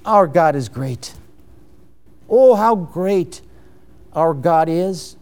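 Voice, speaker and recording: A man preaching a sermon, emphatic and unhurried, with exclamations and chuckles. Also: fairly high pitch, animated, darkish tone, clear, resonant tone.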